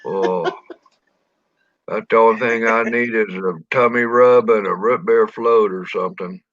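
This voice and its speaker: A man with a rural Missouri drawl and a voice a little on the low side, rambling loosely through a chat. He sounds tipsy. The audio is dull, lo-fi and dry. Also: steady tone, unhurried, fairly bright tone, dry recording. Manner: rambling storyteller with many restarts and swearing. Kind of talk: casual chat.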